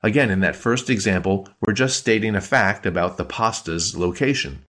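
A man co-hosting a scripted podcast language lesson, calmly explaining grammar rules with examples. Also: fairly low pitch, normal speed.

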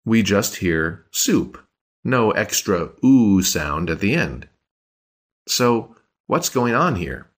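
A man co-hosting a scripted podcast language lesson, calmly explaining grammar rules with examples. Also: fairly low pitch, slow.

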